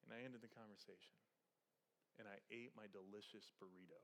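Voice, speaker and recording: A male pastor preaching a sermon, moving from soft conversational storytelling with humor to raised, passionate exhortation. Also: fairly low pitch, fairly even intonation, a little fast, a little hiss or hum.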